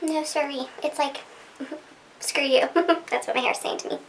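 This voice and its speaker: This woman vlogger speaks a little slowly in a high, level voice, with a little hiss or hum in the audio. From her desk at home under lights, she rambles to camera, giggling at herself self-deprecatingly, and the recording sounds roomy and distant.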